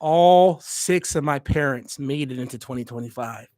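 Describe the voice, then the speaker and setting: In a casual livestream for his hospitality YouTube channel, a man addresses his viewers directly, stressing his points and repeating phrases to drive them home. His voice is medium-pitched and somewhat dark, at a moderate pace. A USB desk mic captures him with no room sound.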